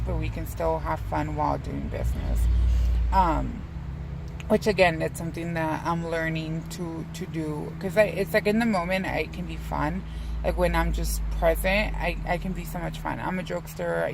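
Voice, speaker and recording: A woman's voice: lowish voice, vocal fry, noisy background. A young woman in a casual, rambling vlog who swears freely and pokes fun at herself. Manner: rambling, profane, self-mocking.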